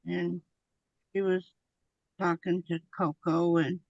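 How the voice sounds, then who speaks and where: A woman's voice: fairly low pitch, slow pace, no echo, dull audio. A woman in a casual chat, telling a funny anecdote with swearing. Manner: deadpan storytelling that gets loud when mimicking.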